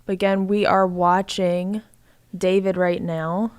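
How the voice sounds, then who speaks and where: A woman's voice: lowish voice, flat delivery, slow pace, a little mellow, smooth. A woman co-commentating a live running race, casual and upbeat, mostly answering her partner with short agreements and adding updates.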